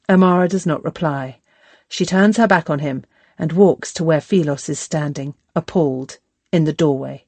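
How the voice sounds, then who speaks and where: A woman reading an audiobook in a measured, steady scripted narration. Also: deep voice, no room sound.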